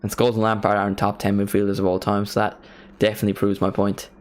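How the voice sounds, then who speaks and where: A young man casually commentating a live football watchalong, chatting and bursting into excited reactions. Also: fairly low pitch, fast. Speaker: streamer hosting a match watchalong.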